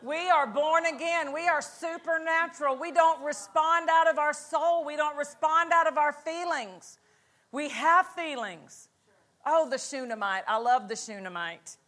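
A woman's voice: high voice, measured pace, pushed and bright. A woman pastor preaching a fervent sermon at a conference, repeating lines and calling out for an amen. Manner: fervent, repetitive, call-and-response. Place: church conference hall.

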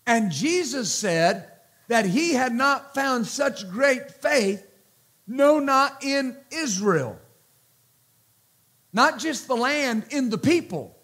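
A man preaching a sermon as pastor, slow and emphatic, repeating words and calling out praise between points. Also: very high-pitched, sing-song, a bit bright.

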